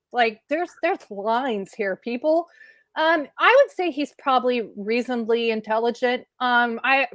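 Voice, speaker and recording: A woman guest speaks earnestly and candidly, her voice sitting a little high. She talks in quick bursts with plenty of fillers. The sound is dry and close. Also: dry recording. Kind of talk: conversational interview commentary.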